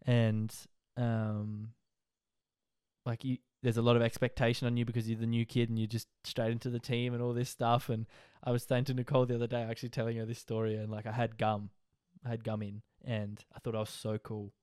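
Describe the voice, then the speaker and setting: Laid-back young Australian man, smooth voice. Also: medium pitch, completely flat delivery, fairly quick, darkish tone, no echo, clean studio sound. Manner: rambling, laid-back, frequent fillers and laughs. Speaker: podcast host. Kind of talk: casual life-story monologue.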